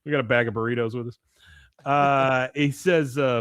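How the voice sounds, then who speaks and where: A man's voice: medium pitch, normal speed, clean tone, no room sound, clean studio sound. A man hosting a podcast in casual chat, retelling scenes and quoting characters' lines with frequent laughter. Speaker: podcast host recapping an episode.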